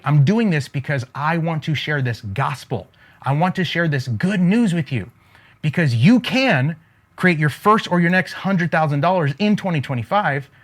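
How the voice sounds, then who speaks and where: A man delivers a faith-flavored business pep talk to camera with the rhythm of a preacher. His voice sits high and moves a lot, rising and falling as he drives his points home and throws questions back at his listeners. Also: fairly bright tone. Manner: emphatic, preacher-like cadence with call-and-response asides. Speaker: faith-based business coach.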